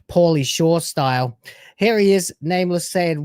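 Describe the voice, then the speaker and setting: A man's voice: a little high, animated, measured pace, darkish tone, smooth, dry recording, clean studio sound. A man hosting a live stream, chatting casually with brash, sarcastic, crude banter.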